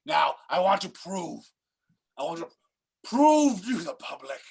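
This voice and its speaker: A man's voice: high-pitched, big pitch swings, unhurried, vocal fry, a little mellow, husky, exaggerated voice. A man playing a fussy, melodramatic mad scientist who dotes on his creation and breaks into dramatic cries, in an improv comedy scene. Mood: flustered. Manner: melodramatic, bursts into cries, stammers.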